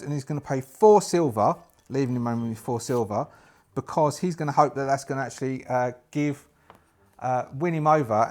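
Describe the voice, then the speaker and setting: A man narrating a solo tabletop game, thinking aloud and restarting often as he rolls dice. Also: a little high. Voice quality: thinks aloud while rolling dice, stop-start restarts. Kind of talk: casual solo actual-play narration.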